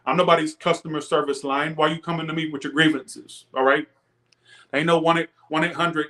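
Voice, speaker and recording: Young man, tarot reader, animated rant, swears a lot, fairly high voice. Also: brisk. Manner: ranting, profane, animated; chats with viewers, laughs often. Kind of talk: live-stream tarot reading.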